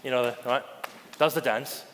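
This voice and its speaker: Speaking at normal speed in a steady, mid-range voice, a man who heads digital at a bank tells stories during a conference keynote. He plays to the room with "ladies and gentlemen" and performs quoted voices, while the echoey hall recording carries a faint hiss or hum.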